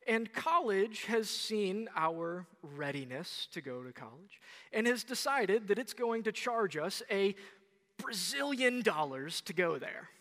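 A young man in his twenties preaching a sermon in a conversational, animated way. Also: sits high, unhurried, big-room sound. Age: 20s.

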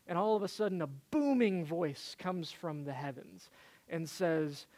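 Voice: mid-range voice, unhurried, a little mellow. A preacher retelling an old legend during a sermon, talking hesitantly with frequent fillers and restarts. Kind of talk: sermon storytelling.

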